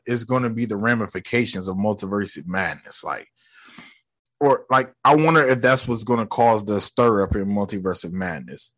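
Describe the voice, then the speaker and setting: A man giving a casual, slangy, animated movie recap as a video host. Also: fairly low pitch, normal speed, dry recording.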